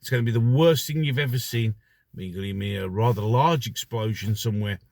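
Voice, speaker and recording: A middle-aged man delivers a mocking, ranting commentary with plenty of rhetorical questions. His voice sits at an ordinary pitch and is recorded dry and close. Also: a little fast, vocal fry, darkish tone, dry recording. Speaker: vlogger.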